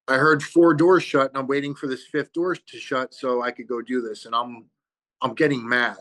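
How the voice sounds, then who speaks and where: Man sharing his recovery testimony: mid-range pitch, earnest, halting delivery with pauses. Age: adult with children. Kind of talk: personal testimony.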